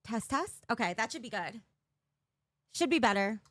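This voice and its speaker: A woman's voice: fairly high pitch, lively intonation, normal speed, fairly bright tone, dry recording, studio quality. A woman live-streaming from her bedroom, chatting casually with her viewers on a desk mic and giggling often.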